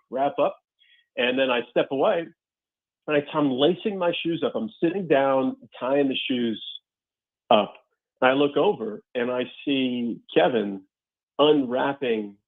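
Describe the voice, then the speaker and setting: A man co-hosting a sports radio show, telling an animated story with a lot of laughter. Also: medium pitch. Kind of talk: casual radio chat, telling stories. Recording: phone-like narrow sound.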